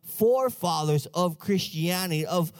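A man's voice: sits high, animated, a little slow, darkish tone. A man starting a sermon, greeting the crowd casually and reading scripture aloud. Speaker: preacher.

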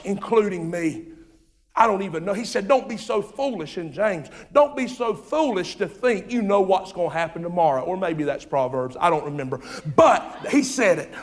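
A man preaching an impassioned sermon, repeating phrases and swinging from shouts to hushed tones. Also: fairly high pitch. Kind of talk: fiery sermon.

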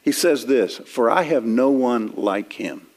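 A man's voice: medium pitch, animated, measured pace, a little mellow. A man preaching an expository sermon in a church, talking in a conversational way with frequent restarts while he quotes and explains scripture. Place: church sanctuary.

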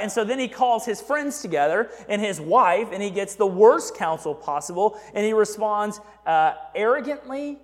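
A man preaching as a pastor in a casual, animated sermon who often checks in with "right?". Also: high-pitched. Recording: echoey hall reverb.

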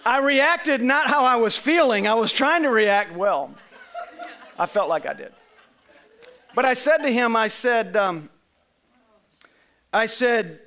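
Bright, high-voiced preacher man telling a story. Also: lively intonation, slow pace, long pauses. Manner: conversational storytelling, asks congregation members questions. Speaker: pastor. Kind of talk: sermon with personal story.

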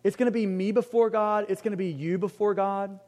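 A man's voice: sits high, steady tone, a little fast, darkish tone. A pastor preaching a conversational sermon. He jokes at his own expense and drives points home by repeating them. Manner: conversational, self-deprecating, emphatic repetition. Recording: long hall reverb.

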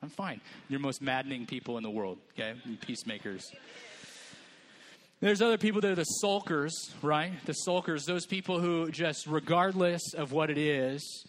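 A man's voice: a little high, normal speed, slight background noise. A man preaching a sermon in a church, conversational and joking, acting out people's voices. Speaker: pastor.

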